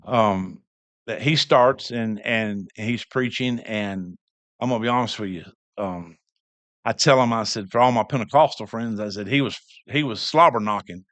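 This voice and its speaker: A man's voice: lowish voice, normal speed, a bit bright, no echo. An older man giving a personal church testimony, telling the story in a rambling way with many restarts.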